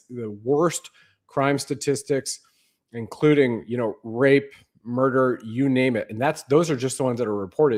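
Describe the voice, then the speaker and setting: A man hosting a show, delivering a rambling, conspiratorial livestream monologue. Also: mid-range voice. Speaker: show host.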